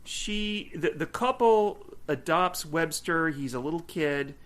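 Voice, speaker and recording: A man's voice: a little high, slow, fairly bright tone. A man in his forties co-hosting a podcast, chatting casually with a teasing, mock-stern manner. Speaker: podcast co-host. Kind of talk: casual chat.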